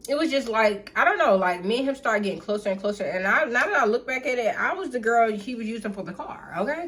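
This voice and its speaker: A woman telling a personal story to her viewers in a casual storytime, chatty and blunt, calling out to them as y'all. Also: fairly high pitch. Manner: animated, reenacts others in quick asides. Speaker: storytime vlogger.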